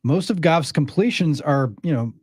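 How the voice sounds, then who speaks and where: A man hosting a sports radio show, chatty and lively, telling hypotheticals. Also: on the high side, normal speed, husky, dry recording, clean studio sound. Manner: lively, storytelling, animated. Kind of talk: casual sports radio chat.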